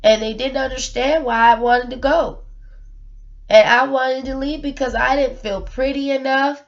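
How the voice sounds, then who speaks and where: Woman, AAVE speaker, vlog monologue; earnest and emotional, full of repeats and rhetorical questions, slightly high voice, lo-fi recording. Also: steady tone, moderate pace. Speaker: single mother sharing her story.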